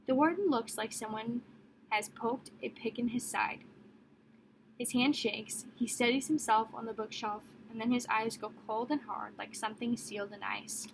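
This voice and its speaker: A woman narrating a novel in the first person, in a measured, descriptive storytelling manner. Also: a little high, steady tone, background noise. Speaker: audiobook narrator.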